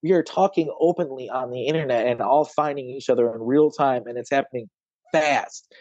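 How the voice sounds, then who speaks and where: A man's voice: medium pitch, a little fast, a little mellow, dry recording, lo-fi sound. A man on a podcast talking emotionally and rambling with many fillers, near tears, swearing at times. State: close to tears. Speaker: podcast guest. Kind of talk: emotional conversation.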